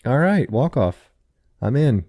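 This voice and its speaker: A man's voice: medium pitch, very animated, slow, mellow, no echo, studio quality. A man co-hosting a podcast in casual chat, easygoing as he sets up questions for his partner. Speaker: podcast co-host.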